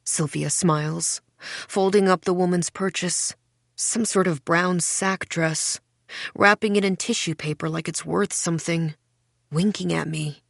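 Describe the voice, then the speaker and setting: A woman narrating a first-person thriller audiobook in a wry, dark, measured way. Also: on the low side, fairly even intonation, vocal fry, no echo, clean studio sound.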